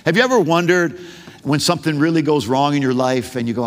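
A man's voice: a little high, fast. A man preaching a sermon as a pastor, passionate and full of rhetorical questions. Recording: long reverb of a large hall.

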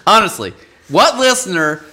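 A man's voice: high-pitched, big pitch swings, moderate pace, sharp tone. A man hosting a podcast in casual chat, laughing easily and turning earnest for a devotional. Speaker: podcast host.

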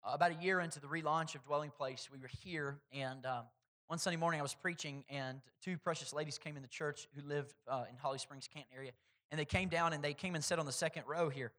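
High, bright-voiced pastor preaching. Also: male voice, quick pace. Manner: animated preaching that swings from loud emphasis to quiet storytelling. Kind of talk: sermon.

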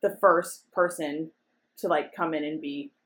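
A woman's voice: deep voice, steady tone, a little slow. A young woman co-hosting a casual podcast, telling a true crime story from her notes with chatty asides and giggles. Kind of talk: casual chat.

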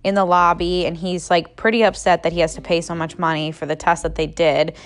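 A woman's voice: fairly low pitch, level tone, fairly quick. A young adult woman casually telling a story on a podcast, filling her talk with "like" and swearing freely. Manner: chatty, heavy use of "like", swears freely.

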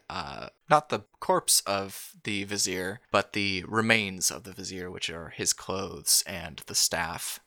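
A man's voice: on the low side, pushed and bright, no room sound, clean studio sound. A man narrating and running a tabletop role-playing game, laughing often between descriptions. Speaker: game master.

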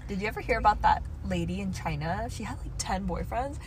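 A young woman in her twenties co-hosting a podcast, chatty and quick to laugh in casual conversation. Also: medium pitch, expressive, slight background noise. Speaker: podcast co-host. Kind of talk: casual chat.

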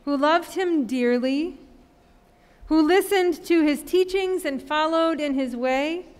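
A woman pastor delivers her sermon in a high, clear voice. She speaks very slowly and leaves long pauses between phrases. Her words trail off into the long reverb of a large church. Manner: slow, measured preaching with long pauses. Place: church sanctuary.

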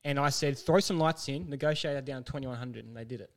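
A man co-hosting a casual podcast, telling a story with lively acted-out quotes and frequent laughter. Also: medium pitch, fast. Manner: animated storyteller, acts out quotes, laughs often. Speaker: podcast co-host.

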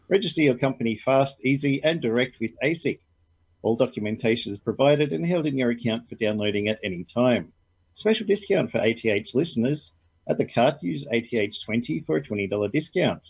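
A man reading a scripted sponsor message in a brisk, matter-of-fact way. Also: mid-range voice, lively intonation, creaky, slightly rough, no echo. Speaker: sponsor announcer.

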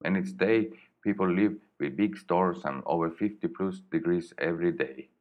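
A man with a Swedish accent, reading a story for his podcast in halting, plain English with many fillers. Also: low-pitched, narrow, tinny audio.

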